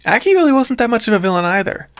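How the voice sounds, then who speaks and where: Animated young man reading with wry asides. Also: high voice, rapid-fire. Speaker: YouTuber reading his childhood book aloud. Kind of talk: casual commentary and reading.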